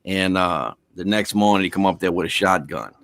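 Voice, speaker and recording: A man's voice: low-pitched, normal speed, vocal fry, fairly bright tone, no room sound. A man in casual chat, telling a long profane joke in a rambling way.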